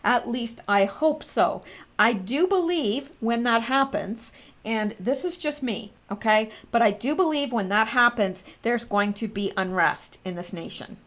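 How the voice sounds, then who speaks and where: Woman vlogging to her viewers, kinda high-pitched, chatty and earnest, lots of ums. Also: animated, a little slow, fairly bright tone. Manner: chatty, earnest, many fillers and restarts. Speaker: vlogger commenting on politics. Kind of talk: casual spoken commentary to viewers.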